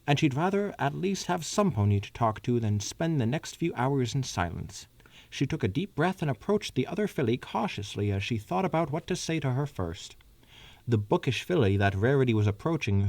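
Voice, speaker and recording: A man's voice: mid-range voice, darkish tone, no room sound. A man co-hosting a comedy podcast, reading fanfiction aloud and stopping to add asides. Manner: reads with asides and stumbles.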